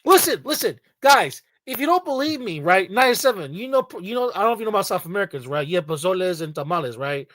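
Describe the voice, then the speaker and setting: A man's voice: high-pitched, big pitch swings, quick pace, few pauses, a bit bright, dry recording. Profane, ranting male podcast host. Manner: emphatic, profane, lecturing. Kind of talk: casual ranting chat.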